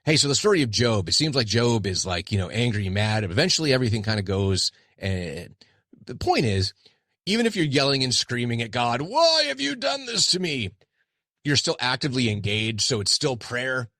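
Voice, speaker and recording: A man's voice: medium pitch, animated, a little fast, a bit bright, dry recording, studio quality. A middle-aged man hosting his own podcast, talking candidly and self-deprecatingly in a rambling casual monologue. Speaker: podcast host.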